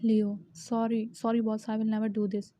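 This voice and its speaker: A woman voicing a treacherous man cornered by a mafia boss in a storybook reading, in a flat, even way. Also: fairly high pitch, moderate pace, no room sound, natural voice. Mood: nervous. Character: treacherous male gang rival, cornered. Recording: dull lo-fi recording.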